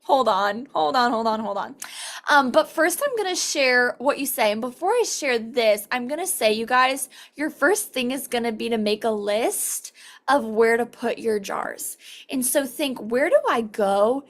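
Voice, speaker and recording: A woman's voice: fairly high pitch, expressive, measured pace, fairly bright tone. A woman leading a casual online sales training over a video call, upbeat and chatty, acting out quoted dialogue as she explains.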